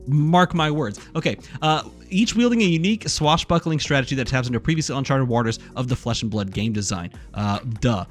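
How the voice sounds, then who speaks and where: A young man hosting a card game channel, talking in an excitable, rambling way with lots of fillers. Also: mid-range voice, brisk, hardly any pauses, soft background music. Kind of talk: casual excited chat.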